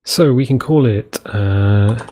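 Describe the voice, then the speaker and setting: A young man with a fairly low, warm voice takes his time while hosting casual let's-play commentary for his gaming channel. He rambles along, talking to himself and repeating words as he works.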